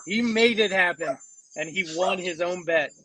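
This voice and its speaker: A man's voice: high voice, moderate pace, pushed and bright, slight background noise, low-quality recording. A man co-hosting a casual podcast, rambling with many restarts and fillers. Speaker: co-host.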